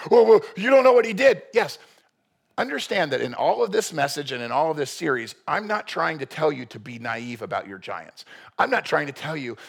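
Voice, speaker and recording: A man preaching a sermon in a casual, emphatic way, with sudden loud bursts of force. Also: on the high side, gravelly, husky. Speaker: pastor.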